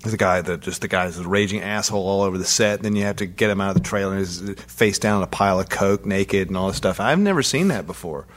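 A man's voice: deep voice, quick pace, few pauses. Man telling a story with laughter. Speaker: guest musician. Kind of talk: casual chat, storytelling. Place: recording studio. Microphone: studio microphone.

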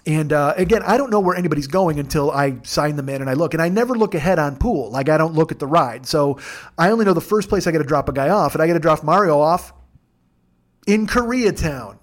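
High-voiced man telling profane comic stories. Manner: profane, animated, acts out dialogue in quick voices. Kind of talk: casual comedic storytelling. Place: a friend's house.

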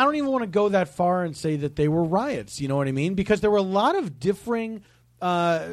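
A man talking as a podcast guest, emphatic and indignant, saying "like" often. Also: sits high. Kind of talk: casual podcast chat.

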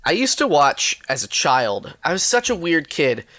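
A podcast co-host telling stories casually, animated and full of swearing. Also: medium pitch, normal speed.

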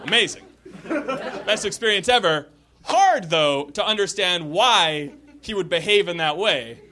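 A man doing a stand-up set, high-voiced and lively, his pitch jumping around as he builds the bit. He drops in dry, deadpan asides. It was captured live in a club, with a loud crowd and heavy room noise under him. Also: a little slow. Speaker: stand-up comedian.

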